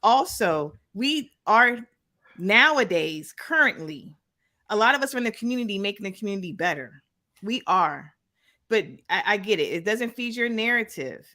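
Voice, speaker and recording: A woman's voice: mid-range voice, expressive, moderate pace, sharp tone. A woman on a remote call as a panel guest, firm and insisting on finishing her point in a heated debate. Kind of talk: heated live-stream debate.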